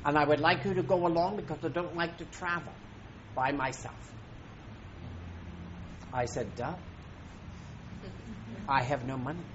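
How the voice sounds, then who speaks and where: A man giving an inspirational talk to an audience, emphatic and preacherly, swinging between loud and soft. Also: on the high side, unhurried, long pauses, muffled recording, slight background noise. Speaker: spiritual teacher.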